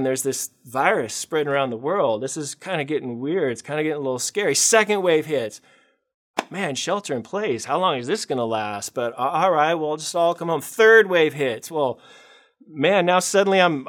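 A man preaching a sermon as pastor, telling the story with animated swings in loudness and acted-out voices. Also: high voice. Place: church.

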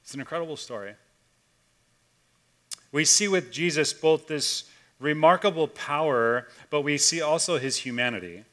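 Male pastor, bright and slightly high voice, casual storytelling sermon, swings loud to hushed. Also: expressive, normal speed, long pauses. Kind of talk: conversational sermon.

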